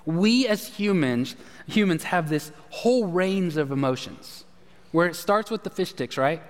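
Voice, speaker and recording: A man's voice: sits high, animated, a little slow. A man preaching a live sermon, chatty and conversational, often asking the congregation questions and acting out everyday quotes. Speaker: pastor. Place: church hall. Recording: long reverb of a church hall.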